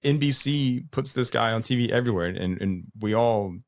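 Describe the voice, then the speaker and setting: A man co-hosting a casual film podcast, talking conversationally and chiming in with quick agreement. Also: medium pitch. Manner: conversational, frequent agreeing interjections. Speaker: podcast co-host. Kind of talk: casual chat.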